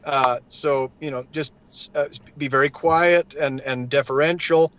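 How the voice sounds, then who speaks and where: A man giving legal advice in a casual panel talk, acting out judges and clerks in lively quoted asides. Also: fairly high pitch, measured pace, slight background noise, poor audio.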